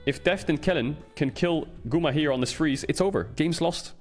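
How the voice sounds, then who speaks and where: A man's voice: on the high side, moderate pace, a little mellow, soft background music. Fired-up ranting male streamer. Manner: ranting, swearing, emphatic repetition. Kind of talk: casual gameplay commentary.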